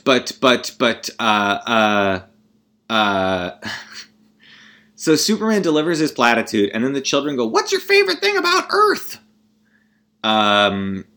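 A man's voice: mid-range voice, a bit bright. A man ranting casually about a movie, rambling and profane, with sarcastic laughing asides. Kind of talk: casual comedic movie rant.

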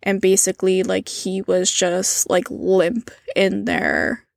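A woman's voice: medium pitch, level tone, slow, creaky, no room sound. A woman in casual podcast chat, talking loosely with lots of fillers as she recounts a story. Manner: casual, many fillers, reads out quotes in a subdued tone.

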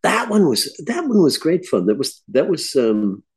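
A man's voice: a little high, big pitch swings, moderate pace, slightly rough. A man who is an actor guest, reminiscing in a reflective, casual interview conversation. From grew up on a farm.

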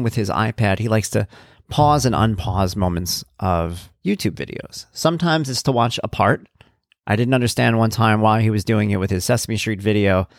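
A man's voice: on the low side, gravelly, dry recording, studio quality. A man talking casually and earnestly as a father about raising his son, in a reflective way. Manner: earnest and reflective, with frequent "you know". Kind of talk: casual personal talk.

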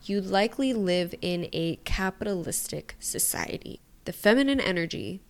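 A woman hosting a solo podcast, talking in a casual, frank way, swearing freely and sometimes dropping into quiet asides. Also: mid-range voice, animated, normal speed, gravelly. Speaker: podcast host.

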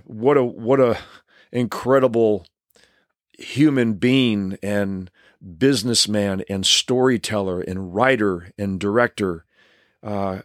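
A man in his sixties, a longtime stunt performer, telling stories from his career in an animated, rambling way with frequent restarts. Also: fairly low pitch, no echo, clean studio sound. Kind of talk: storytelling, reminiscing.

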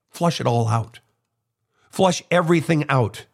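A man's voice: mid-range voice, sing-song, moderate pace. A middle-aged man hosting a casual advice monologue, blunt and profane as he answers listener questions. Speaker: host, soul counselor.

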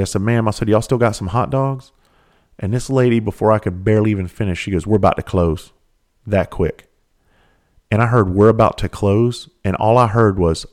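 Deep-voiced man, blunt storyteller. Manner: blunt and profane, fired up, then drops quiet. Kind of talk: casual personal story.

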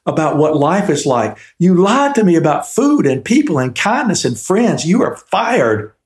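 A man's voice: fairly high pitch, very animated, moderate pace, voice pushed up. Man playing a young boy, earnest, defiant, emphatic, storybook reading. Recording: echoey room.

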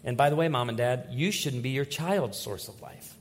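A man preaching a sermon in church, telling stories with lively acted-out voices. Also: mid-range voice, moderate pace. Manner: animated storytelling with acted-out voices. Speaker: pastor.

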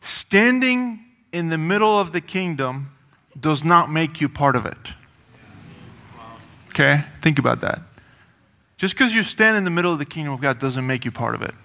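A man delivering a sermon with a bright, forceful voice sitting a little high for a man. He talks conversationally but with punch, repeating phrases and tossing in casual asides. His voice carries a long reverb, as if in a large hall. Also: expressive, normal speed. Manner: conversational and emphatic, with frequent asides and repetition. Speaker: preacher.

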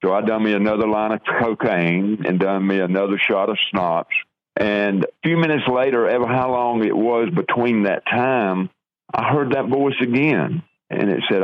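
An older man from Georgia, telling his personal conversion testimony in an interview in a plain-spoken, halting way with frequent restarts. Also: lowish voice, muffled recording.

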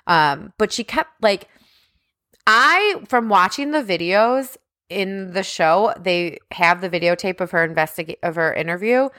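A woman co-hosting a podcast retells a criminal case in casual true-crime chat, chatty and heavy on "like" as a filler, with indignant asides. Her fairly low voice has lively intonation, an unhurried pace, and a bit of brightness, recorded in clean studio sound with no room tone.

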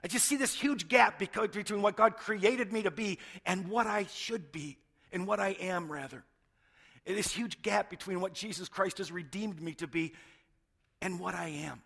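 A man's voice: sits high, normal speed, gravelly, slightly rough. Earnest, stammering man preaching a sermon. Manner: earnest, stammering restarts, swings between loud and hushed. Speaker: pastor.

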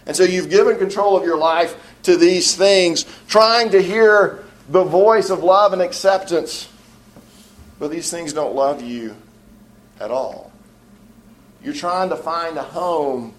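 A male pastor preaching a sermon, often restarting his phrases and slowing to stress key words, letting sentence ends fall low and quiet. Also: a little hiss or hum.

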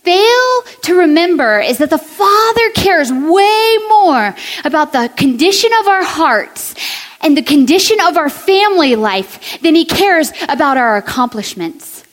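Woman, young adult, sermon, earnest, conversational, high-pitched, long hall reverb. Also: sing-song, a little slow. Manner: earnest, conversational, speaks to the women in the room. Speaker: preacher.

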